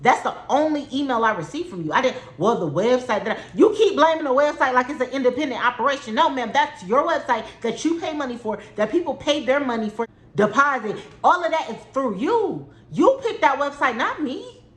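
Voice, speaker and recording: A young woman tells a story to camera in a high-pitched, fairly quick voice, casual yet indignant and exasperated. She's animated and says "like" often, and the room she's in is echoey.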